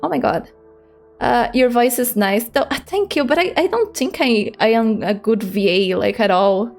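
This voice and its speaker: A woman's voice: a little high, normal speed, gravelly. A young woman streaming a game, chatting casually and self-deprecating, with some swearing. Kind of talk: casual gaming stream chat. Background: game music.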